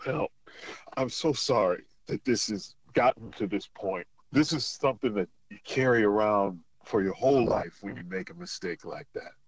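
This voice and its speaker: A man calling in to a radio show as a father, talking in an earnest, halting way with many restarts. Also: lowish voice, lively intonation, dry recording, poor audio. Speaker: caller, father. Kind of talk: emotional phone conversation.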